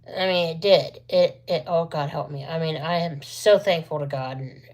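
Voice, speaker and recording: A woman's voice: low voice, normal speed, a little mellow. A woman vlogger telling a long story in a rambling, chatty way, full of asides and self-corrections. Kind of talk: casual storytelling to camera.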